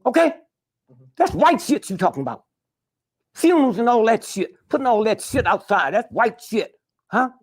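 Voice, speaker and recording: An older man, telling stories in an interview with a blunt, profane manner and a husky, gravelly voice. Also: very high-pitched. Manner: blunt, profane, punctuating with "huh?". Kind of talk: candid storytelling interview.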